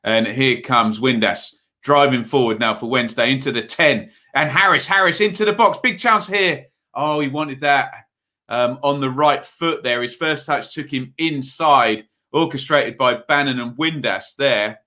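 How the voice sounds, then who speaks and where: A man's voice: mid-range voice, measured pace, sharp tone. A man hosting a live football watch-along, calling the play casually and chatting to viewers between moves. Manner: casual play-by-play mixed with reading viewer messages; rambling and chatty, with frequent fillers. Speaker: live stream host.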